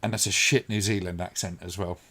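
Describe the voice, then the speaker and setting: A man's voice: low-pitched, steady tone, brisk, pushed and bright. A man chatting casually and laughing often while commenting on a film with a friend. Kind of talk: casual watch-along commentary.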